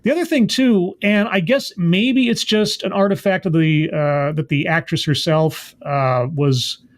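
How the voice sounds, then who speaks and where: Higher-voiced man reviewing a show. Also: a little slow. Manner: thinking aloud, hesitant and self-questioning. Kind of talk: casual episode review.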